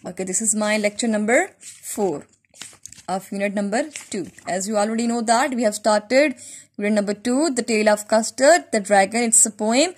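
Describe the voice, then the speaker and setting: A woman teacher giving a recorded lesson, explaining a poem slowly, repeating words and asking simple questions. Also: medium pitch.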